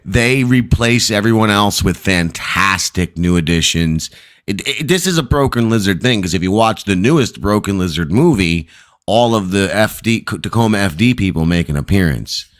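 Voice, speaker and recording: A man's voice: lowish voice, expressive, moderate pace. A man hosting a livestream podcast, rambling in playful, self-deprecating casual chat. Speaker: podcast host.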